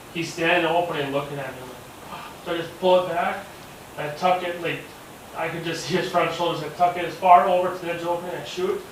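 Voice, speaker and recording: A man with a fairly high voice tells a hunting story in casual chat, acting out every quote and swearing as he goes. He sounds far from the mic in an echoey space. A steady hiss of noise sits under him. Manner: animated, acts out quotes, swears freely. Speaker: hunter telling a story. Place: hunting camp gathering. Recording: echoey, distant, noisy camp recording.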